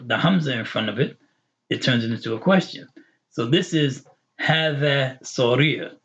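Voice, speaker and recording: A man explains Arabic grammar in an online lesson, going over each term more than once. His voice is husky and mid-pitched. The recording sounds dull and lo-fi. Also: fairly bright tone. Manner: patient, repetitive explaining with quick English glosses. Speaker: Arabic teacher.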